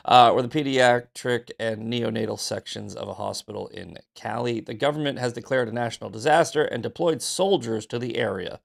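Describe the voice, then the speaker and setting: A man's voice: medium pitch, moderate pace, creaky, hardly any pauses. A man hosting a casual news commentary show, reading headlines with sarcastic, profane asides, just out of bed. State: just woke up. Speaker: host.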